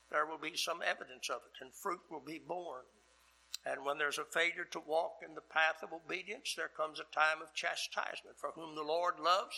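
Bright-voiced older preacher, deliberate. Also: male voice, on the high side, creaky, rough recording. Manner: earnest preaching with deliberate pauses. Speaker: pastor. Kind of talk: sermon.

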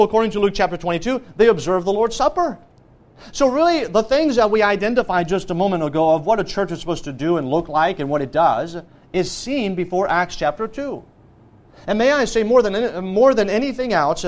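A man with a notably high voice teaches from the pulpit as a pastor. He moves point by point through scripture references with emphatic, firm delivery. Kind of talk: sermon teaching.

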